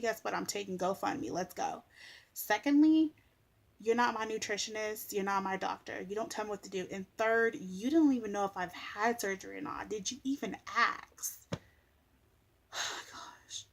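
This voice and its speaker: A young woman talks straight to her camera in a casual vlog rant. She is blunt, sassy and exasperated, with a voice of middle pitch, and she swears freely and makes quick comebacks. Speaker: vlogger.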